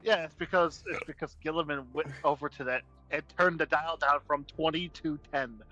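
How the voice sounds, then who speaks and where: A man talks in a fairly high, bright voice on a casual podcast. He swears freely, repeats words as he hunts for the next thought, and keeps the chat loose and jokey. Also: fairly even intonation, moderate pace, faint music behind, poor audio. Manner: profane, laughs often, stumbles and repeats words. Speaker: podcast co-host.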